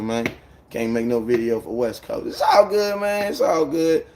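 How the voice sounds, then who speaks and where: A man's voice: mid-range voice, expressive, moderate pace, noisy background. A man chatting casually on a live stream, rambling in loose slang and greeting viewers by name. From United States.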